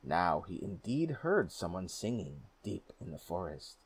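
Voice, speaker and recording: A man reads a folk tale aloud in a low, slightly husky voice. He keeps a steady, measured pace, calm like a storybook narrator.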